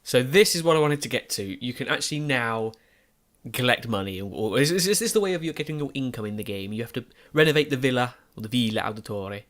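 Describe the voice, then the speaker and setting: A man's voice: mid-range voice, animated, fast talker, a bit bright. Young male let's-player, stuffy nose, chatty and self-correcting. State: has a cold, nasal. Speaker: gaming YouTuber. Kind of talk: let's play commentary.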